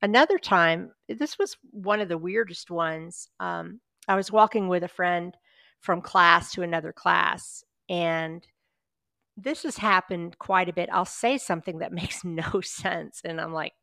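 Creaky-voiced woman telling anecdotes. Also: lowish voice, a little slow, bright, forceful tone, no echo, studio quality. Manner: chatty, anecdotal storyteller who laughs along. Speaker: paranormal investigator guest. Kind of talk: casual storytelling interview.

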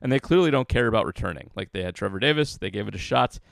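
A man's voice: fairly low pitch, expressive, fast talker, vocal fry, dry recording. A man co-hosting a casual sports podcast, giving dry, opinionated takes. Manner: dry, opinionated analysis with frequent restarts. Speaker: podcast co-host.

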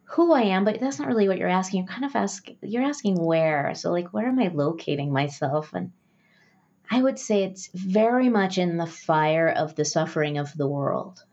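A middle-aged woman, a guest author, answering interview questions in a thoughtful, measured way. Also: fairly low pitch, lively intonation, a little mellow. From United States. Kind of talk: reflective interview talk. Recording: dull lo-fi sound.

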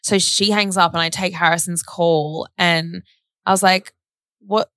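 Australian woman, lowish voice, dry close mic, chatty personal storyteller. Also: fairly even intonation, a little slow, fairly bright tone, no echo. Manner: chatty, fillers of "like", acts out quoted speech.

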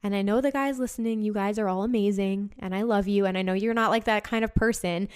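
Her voice mid-range, slightly mellow and smooth, a woman hosting a casual talk show delivers a passionate monologue. Swearing comes freely, and "like" turns up constantly.

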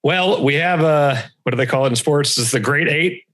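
A man's voice: on the high side, moderate pace, fairly bright tone, poor audio. A man hosting a podcast in casual chat, announcing matchups in a jokey way. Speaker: podcast host running the bracket.

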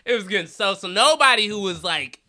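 A man's voice: high-pitched, lively intonation, brisk, sharp tone. A young man telling a comedy story in a casual podcast chat. He laughs often, swears, and acts out other people's voices. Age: young adult.

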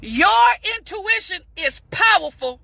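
A woman giving an impassioned motivational talk on a live stream, repeating phrases and breaking into shouts. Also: extremely high pitch, expressive, measured pace, creaky, dry recording. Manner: fervent, preachy, repeats phrases, bursts into shouts; addresses viewers as "beautiful people".

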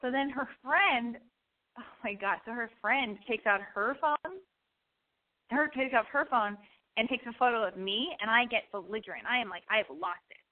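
A woman telling a comic story in an animated, rambling way, full of restarts and asides. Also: a little high, normal speed. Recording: tinny phone-like sound.

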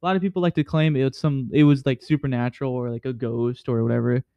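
A man's voice: medium pitch, steady tone, quick pace, vocal fry, warm tone, clear, resonant tone, no room sound, dull audio. A young man in casual chat, telling stories in a rambling way, with lots of fillers like "you know what I mean".

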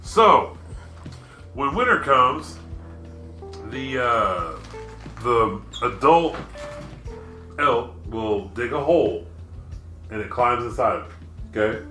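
A man's voice: mid-range voice, sing-song, takes it slowly, pauses often, pushed and bright, echoey room, soft background music. A man in casual chat, telling a tall tale with a straight face and swearing freely.

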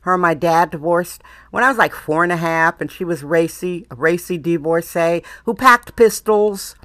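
A woman's voice: lowish voice, normal speed, a bit bright, dry recording, clean studio sound. A woman from Wisconsin hosting a podcast in a casual, chatty monologue, often laughing and repeating herself. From Milwaukee, Wisconsin, US. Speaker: podcast host.

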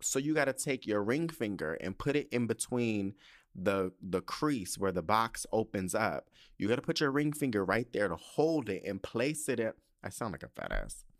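A man hosting a podcast, telling a profane, animated story in a casual, sassy rant full of asides. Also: on the low side, moderate pace. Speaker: podcast host.

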